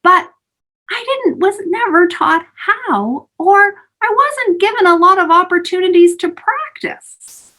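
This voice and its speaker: A woman teaching children mindfulness breathing over a video call, in an animated, sing-song way. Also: extremely high pitch, takes it slowly. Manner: animated, sing-song, calls kids sweethearts. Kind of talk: teaching kids breathing exercises. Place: home, virtual session.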